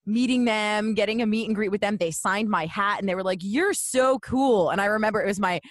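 A woman's voice: mid-range voice, fairly even intonation, no room sound. Woman cohost, playful chatty vibe, medium voice, dead dry sound. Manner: playful, quick to laugh. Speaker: podcast co-host. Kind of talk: casual chat.

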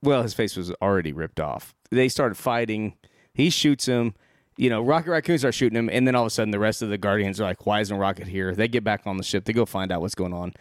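Low-voiced guy rambling on about a movie, swearing a lot, dry mic. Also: quick pace, no room sound. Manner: rambling, profane, acts out lines from the movie. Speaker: podcast co-host. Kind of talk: casual movie discussion.

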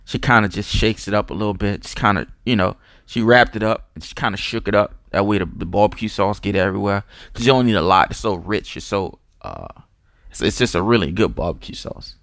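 New guy rambling on his podcast, lowish voice, cussing, lots of you know and restarts, dry close sound. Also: expressive, fairly quick, fairly bright tone, no echo. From New Orleans. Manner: loose, profane, digressive, many restarts and fillers. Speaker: podcast host. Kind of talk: casual rambling monologue.

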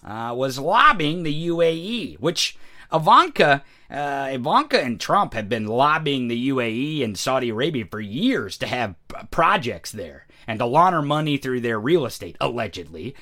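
A man hosting a ranting political commentary show, profane and sarcastic, jumping from loud outbursts to low muttering. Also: big pitch swings, moderate pace.

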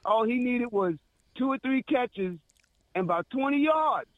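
Very high-voiced guy, cusses a lot, tells joking stories on a podcast. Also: expressive, measured pace, dry recording, phone-quality sound. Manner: profane, joking storyteller. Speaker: podcast co-host. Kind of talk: casual chat.

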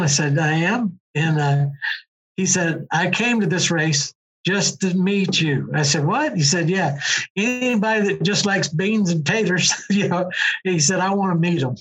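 A man's voice: high voice, measured pace, fairly bright tone, husky. An older man, a former motorcycle racer telling stories in a rambling, casual way. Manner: rambling storyteller, many restarts and fillers. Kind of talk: casual conversation. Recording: dull lo-fi recording.

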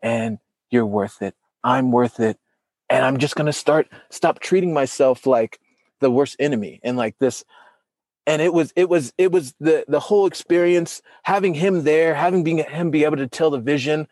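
Husky man telling a heartfelt story. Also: normal speed, no room sound. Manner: animated storytelling, acts out quotes with big pitch jumps. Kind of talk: emotional casual chat.

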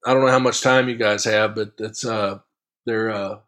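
A man's voice: on the low side, moderate pace. Chuckling man spinning a golf yarn. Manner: lively, chuckling raconteur. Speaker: guest, long drive golfer. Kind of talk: casual storytelling anecdote.

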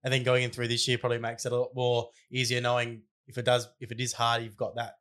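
A quick-talking man running a casual interview at a middling pitch. He sounds relaxed and chatty, sprinkling in "um" and "I mean.".

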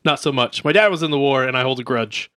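A man co-hosting a casual comedy podcast, reading comedians' jokes aloud in a deadpan way between crude banter. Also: mid-range voice, quick pace, no echo, studio quality. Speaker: podcast co-host.

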